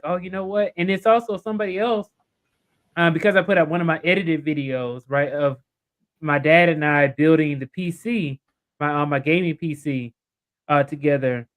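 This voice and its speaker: A man guesting on a live podcast, talking in a rambling, upbeat way with lots of fillers. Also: on the high side. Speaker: guest YouTuber. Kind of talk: casual interview chat.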